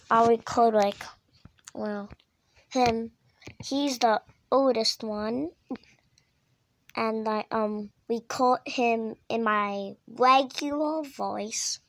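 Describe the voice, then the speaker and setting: A woman's voice: fairly high pitch, slight background noise. A woman vlogger in casual chat, explaining her voiceover voices in a hesitant way, full of ums and restarts.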